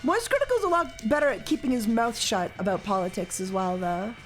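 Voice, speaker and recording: A woman's voice: fairly high pitch, expressive, brisk, soft background music. Profane, jokey woman streamer. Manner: jokey and profane, bursts into loud mock rants. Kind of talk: casual live-stream chat while playing a game.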